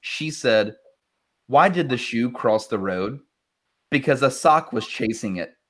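A young man hosting a casual talk show who reads listener jokes at a quick clip, laughing often and swearing freely. His voice sits at an ordinary pitch for a man. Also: expressive, a bit bright. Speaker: show host.

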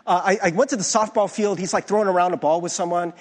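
Casual young pastor guy, lots of "like", husky, echoey sanctuary. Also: high-pitched, fast talker. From United States. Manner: conversational, animated, many restarts and "like". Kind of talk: sermon with personal stories. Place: church sanctuary. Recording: long hall reverb from a church.

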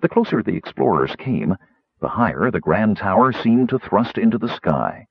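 Low, husky male narrator, expressive storytelling; dry, slightly dull recording. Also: moderate pace, dry recording. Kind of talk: audiobook narration.

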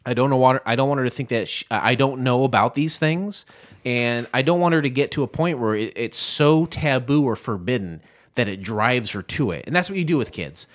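A man's voice: medium pitch, lively intonation, a little fast. A man in his thirties talking earnestly about parenting, stammering and restarting often. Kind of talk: casual chat.

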